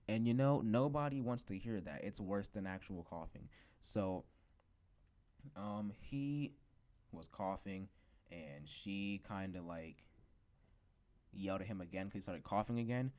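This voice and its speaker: A man's voice: sits low, a little slow, darkish tone. A teenage boy hosting a podcast, telling rambling school stories in a casual rant full of fillers. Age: teens. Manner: rambling storytelling with many fillers. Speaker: podcast host.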